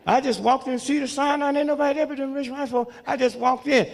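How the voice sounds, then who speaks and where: A man's voice: very high-pitched, expressive, fast talker, gravelly, few pauses. A man in his seventies, a comedian telling humorous stories to a live crowd in a folksy, chuckling way, often checking in with the audience. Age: 70s. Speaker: comedian and speaker.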